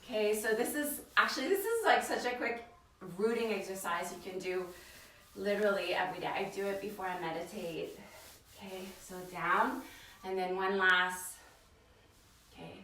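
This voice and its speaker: A woman teaching a live-streamed yoga class from her home studio, chatty and gentle, with many fillers. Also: medium pitch, moderate pace. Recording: echoey room, voice from far off the mic.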